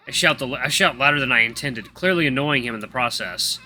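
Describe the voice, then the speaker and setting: A man's voice: mid-range voice, fairly quick, few pauses, sharp tone. A man hosting a gaming channel, reading a visual novel aloud with playful asides.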